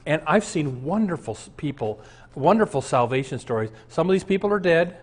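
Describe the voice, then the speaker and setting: Older guy pastor preaching, earnest and chatty, asks the crowd lots of questions, voice a bit high. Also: lively intonation, brisk, breathy edge. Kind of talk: sermon.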